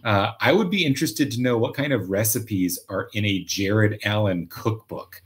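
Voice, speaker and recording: Low-voiced man chatting live. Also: normal speed. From Minnesota, USA. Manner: rambling, many fillers and restarts. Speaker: livestream host. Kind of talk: casual live chat reading comments.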